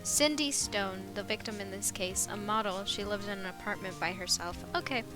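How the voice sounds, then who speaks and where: A woman's voice: medium pitch, flat delivery, fairly quick. Woman streamer reading game lines. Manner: nervous stammering when reading the hero. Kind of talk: reading game dialogue aloud while playing. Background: game music.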